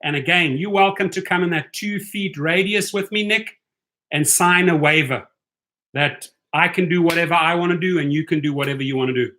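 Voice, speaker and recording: A man's voice: fairly high pitch, brisk, pushed and bright. A man with a South African accent hosting a casual live stream, reading out viewer questions and answering them in a chatty, blunt way. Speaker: livestream host answering viewer chat.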